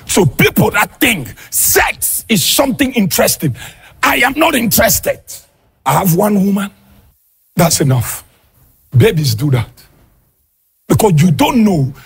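Husky pastor guy preaching, kinda high voice, shouts and sings it then drops low and fast. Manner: swings from shouted, sing-song peaks to low, quick asides. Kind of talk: sermon. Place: church.

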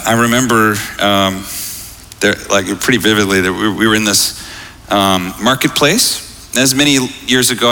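A man preaching a sermon as a pastor, telling a story with lively, acted-out quotes. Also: medium pitch. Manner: animated storytelling, acts out quotes. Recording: long hall reverb.

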